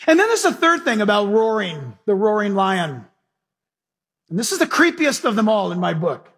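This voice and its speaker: A male pastor preaching an animated sermon, telling stories and acting out voices. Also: high-pitched, normal speed, slightly rough. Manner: animated, storytelling, acts out voices.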